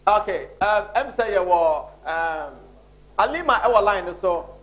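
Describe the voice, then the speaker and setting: A Ghanaian man with a Ghanaian accent hosting live election call-ins, loud, chatty and informal with callers. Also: sits high, animated, a little slow, muffled recording. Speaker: studio news host.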